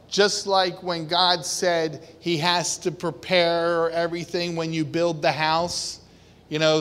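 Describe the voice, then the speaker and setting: A preacher delivers a sermon to his congregation in a high, bright voice, speaking slowly but animatedly as he acts out the voices of worried people and of God. Long hall reverb rings through the sound.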